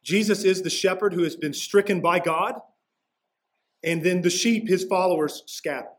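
Casual, fairly high-voiced male preacher. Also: normal speed. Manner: casual, conversational preaching with slangy asides. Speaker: pastor. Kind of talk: sermon.

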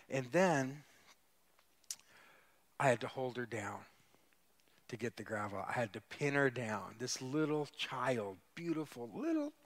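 A man's voice: medium pitch, no room sound. Emphatic middle-aged male preacher. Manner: storytelling preacher, emphatic, rising to loud peaks. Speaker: guest pastor. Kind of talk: sermon.

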